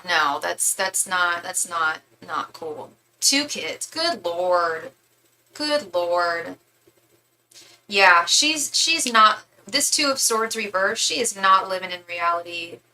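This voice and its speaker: Bright-voiced casual woman reading tarot. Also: mid-range voice, poor audio. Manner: casual, slangy, emphatic with many restarts. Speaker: tarot reader. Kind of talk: live-stream tarot reading.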